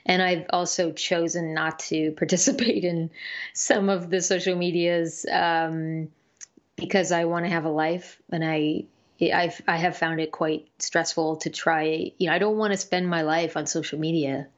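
Musician guest, woman, low-pitched, hesitant and chatty, muffled lo-fi audio. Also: steady tone, a little slow. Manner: hesitant, many fillers and restarts. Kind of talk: casual interview talk.

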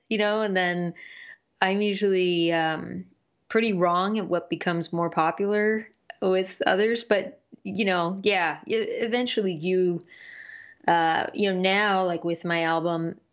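A woman's voice: mid-range voice, unhurried, highs cut off. A woman musician being interviewed, talking casually and hesitantly with many fillers and restarts. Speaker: musician guest.

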